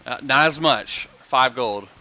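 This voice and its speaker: A man streams a game live, talking casually to his viewers. His voice is bright and forward. It comes through slightly muffled stream audio. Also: medium pitch, a little slow. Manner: chatty, explains game economy and thanks viewers.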